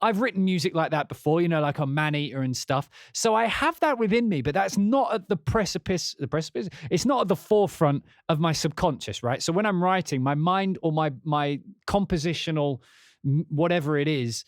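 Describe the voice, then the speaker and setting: English composer guy rambling and swearing on a stream, voice a bit high, dry close sound. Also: fairly quick, no echo. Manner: rambling and profane, with many restarts. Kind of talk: casual livestream chat.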